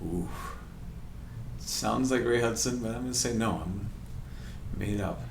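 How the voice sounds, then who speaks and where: A man co-hosting a soccer podcast, relaxed, giving short replies and quick laughs. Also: lowish voice, creaky. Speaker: podcast co-host. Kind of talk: casual chat. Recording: roomy echo, faint hiss.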